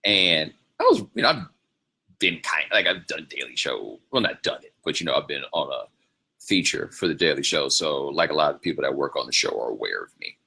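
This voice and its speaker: Deep-voiced man rambling through stories. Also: big pitch swings, a little fast, gravelly, bright, forceful tone, slightly rough. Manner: rambling, loose, laughing, slangy. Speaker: podcast host. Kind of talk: casual storytelling monologue.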